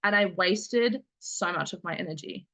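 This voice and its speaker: A woman leading a casual team meeting, talking quickly in a chatty way with lots of filler words. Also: on the low side, fairly bright tone, rough recording. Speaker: network marketing team leader.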